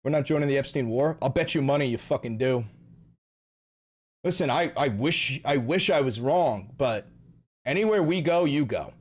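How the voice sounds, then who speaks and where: Animated, swearing New streamer. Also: male voice, mid-range voice, normal speed. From New York. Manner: animated, profane banter. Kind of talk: casual reaction stream.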